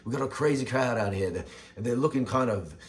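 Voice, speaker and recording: A man's voice: mid-range voice, lively intonation, fast talker, close to an everyday voice. A man putting on the voices of smug rock band members who order a couple of fans run off, in a sarcastic, dismissive tone. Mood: mocking alarm.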